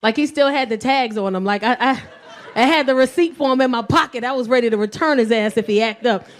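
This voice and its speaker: On a comedy club stage, a middle-aged woman with a fairly high pitch delivers a brash, foul-mouthed, loud routine, voicing characters in rapid succession while the crowd laughs. It's a live club recording, with the audience faintly audible.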